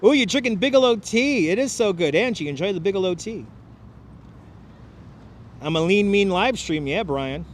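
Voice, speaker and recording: A man's voice: sits high, animated, moderate pace, long pauses, slight background noise. A man with a Brooklyn accent hosting a live-stream walking tour on a city waterfront, chatting with viewers and reading out their names as he goes. He is recorded on a wireless clip-on mic, with the street around him. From Brooklyn, New York. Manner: chatty, reads out viewer names and jokes with chat.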